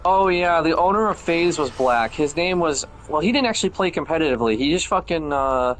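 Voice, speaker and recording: A man's voice: fairly high pitch, animated, a little fast, fairly bright tone, slight background noise. A young man with a nasal, throaty voice chatting bluntly and swearing while gaming. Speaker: gamer. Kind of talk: casual chat while gaming.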